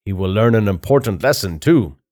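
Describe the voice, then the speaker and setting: A man doing a calm, low-voiced kind woodsman. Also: brisk. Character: kind, steady male woodsman, strong and calm.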